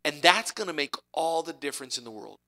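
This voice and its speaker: A man delivers a sermon with a bright, ringing edge to his voice. He preaches conversationally and with animation, slightly higher-pitched than most men. He drops to quiet, intimate asides before climbing back up. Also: animated, brisk. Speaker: pastor.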